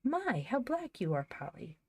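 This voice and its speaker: A woman voicing a loving, busy mother in a storybook reading, gentle and teasing. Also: mid-range voice, sing-song, a little slow, slightly rough, no room sound, voice pushed up, heavily acted. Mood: fond.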